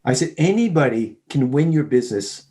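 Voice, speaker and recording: A man's voice: mid-range voice, a little fast. A man guest on a podcast, telling sales stories and acting out both sides of the conversations. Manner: animated storyteller, acts out both sides of dialogues. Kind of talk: storytelling in a podcast interview.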